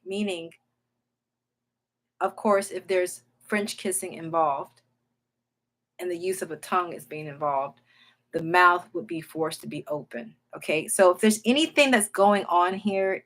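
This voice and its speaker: A woman's voice: on the low side, unhurried, a bit bright. A woman giving an informal Bible teaching in an emphatic way, often checking in with her listeners. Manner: emphatic, keeps checking in with "okay?" and "all right?".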